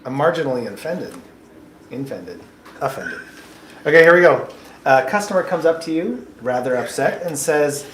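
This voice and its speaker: At normal speed, a man with a fairly high, expressive, somewhat bright voice helps job seekers practice in a mock interview, joking casually and explaining with patience. It's recorded in an echoey coffee shop with slight background noise.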